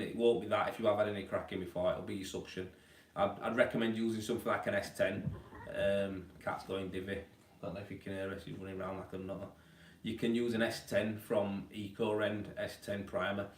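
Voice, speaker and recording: Chatty man in a roomy space. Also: on the low side. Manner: chatty, blokey, calls viewers mate. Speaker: plasterer hosting a live Q&A. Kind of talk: casual live-stream Q&A. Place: indoors at home. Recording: roomy, distant from the mic.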